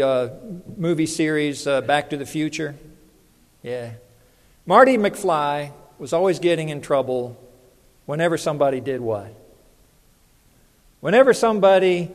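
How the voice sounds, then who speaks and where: A man's voice: high-pitched, long reverb tail. A male pastor preaching a sermon in a conversational way, often asking the congregation questions.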